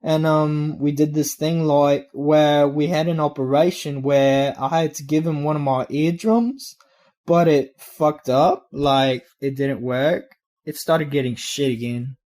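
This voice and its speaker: A man's voice: on the high side, fairly even intonation, unhurried, natural voice. A man playing a crude, brash teenage farm boy with an Australian accent in a TV comedy monologue. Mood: blunt. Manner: shouting then chatty and crude.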